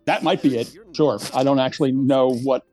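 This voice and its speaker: A man's voice: medium pitch, steady tone, a little mellow, faint music behind. A man from Philadelphia with a faint, mostly suppressed Philly accent, chatting casually on a panel and restarting his sentences often. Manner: halting, many restarts.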